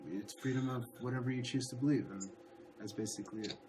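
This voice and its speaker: A man's voice: mid-range voice, fairly even intonation, fast talker, darkish tone, a little hiss or hum. Hesitant man hosting a livestream. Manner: hesitant, repeats words and restarts. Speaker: livestream host. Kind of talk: casual chat.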